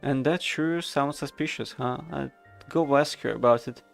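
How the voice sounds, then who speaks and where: A man's voice: medium pitch, normal speed, creaky, faint music behind, lightly acted. A man voicing a perky, timid young woman. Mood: pleased. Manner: chirpy and apologetic. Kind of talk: reading game dialogue aloud.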